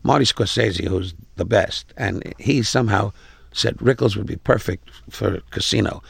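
A gravelly, husky older man in his eighties with a New York accent, telling stories as a comedian guest. He delivers them in a brash way and gets loud at the punchlines. His low voice sounds dry and close. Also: normal speed, no room sound. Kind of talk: interview anecdotes.

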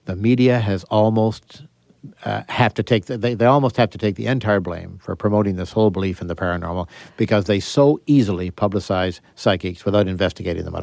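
An older man, a magician and escape artist, telling lively stories as a guest in an interview and acting out the voices of people he quotes. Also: on the low side, creaky, no echo. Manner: animated, theatrical storyteller acting out quotes. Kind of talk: interview, storytelling.

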